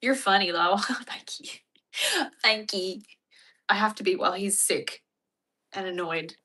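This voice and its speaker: A woman's voice: medium pitch, a little slow, pushed and bright. A woman, chatting playfully with her stream viewers and laughing often. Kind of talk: casual chat.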